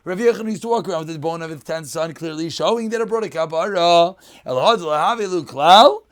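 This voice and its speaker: A man's voice: a little high, fairly quick. A man teaching a daf yomi Talmud lesson. He reads Aramaic phrases and explains them in English.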